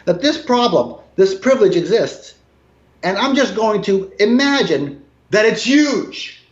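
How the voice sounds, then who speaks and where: A man talks with strong emphasis, his lively voice swooping from low grumbles to high, exasperated peaks. The sound is roomy and dull, as if in a bare apartment over a lo-fi line. He swears now and then and leans hard on his points. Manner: emphatic, swings between low mutters and raised outbursts, swears. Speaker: guest. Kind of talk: casual video call conversation.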